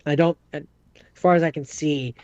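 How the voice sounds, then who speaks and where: A man co-hosting a podcast, relaxed and casual, reading out facts with plenty of fillers. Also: fairly high pitch, moderate pace, clear, resonant tone, dry recording, lo-fi sound. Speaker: podcast co-host. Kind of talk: casual chat.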